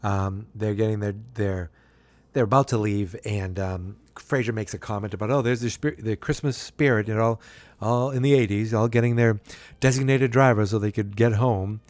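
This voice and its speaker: A man casually recapping a sitcom episode, rambling with frequent ums and restarts, and jumping into a higher voice to act out the characters' lines. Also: fairly even intonation, moderate pace, darkish tone, dry recording. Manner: acts out characters' quotes in a higher voice.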